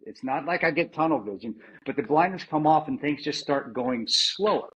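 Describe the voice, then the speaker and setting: A husky middle-aged man from the United States talks through his combat memories in a candid, plain-spoken way, often restarting sentences and swearing now and then. The audio is dull and a bit lo-fi, like a modest podcast setup. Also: a little high, expressive, moderate pace, hardly any pauses, fairly bright tone. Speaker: interview guest, former Army Ranger and security contractor. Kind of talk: candid conversational storytelling.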